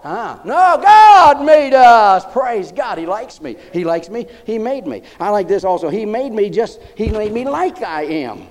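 A man preaching a sermon in a folksy, animated manner. His voice sits high for a man and swings widely in pitch. He keeps checking in with the congregation. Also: moderate pace, few pauses.

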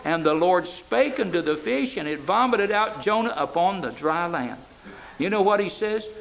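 Gravelly preacher man, high and swooping. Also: expressive, moderate pace, slight background noise. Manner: preaching with sudden swings from loud to soft. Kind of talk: sermon.

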